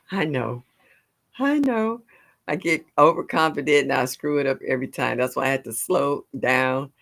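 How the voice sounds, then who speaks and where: A woman's voice: extremely low pitch, steady tone, moderate pace, creaky, fairly bright tone. A woman hosting a livestream, chatting casually with her viewers and laughing often. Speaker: livestream host. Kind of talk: casual chat with live viewers.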